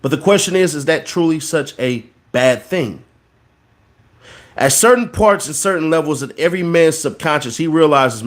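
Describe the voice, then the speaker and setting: A man's voice: fairly high pitch, expressive, moderate pace. Preachy man riffing on a podcast. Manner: preachy, repeats words for emphasis. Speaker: podcast host. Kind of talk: casual commentary monologue.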